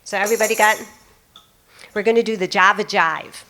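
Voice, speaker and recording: A woman's voice: mid-range voice, fairly even intonation, a little fast, pushed and bright, a little hiss or hum. A woman in her fifties, a music therapist, giving an upbeat live demonstration talk and coaching a volunteer in front of an audience. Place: presentation room with audience.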